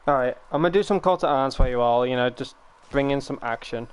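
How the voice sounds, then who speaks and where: A man's voice: medium pitch, fast, smooth. A man live-streaming a game, chatting casually with his viewers, joking and swearing freely, often repeating words as he thinks.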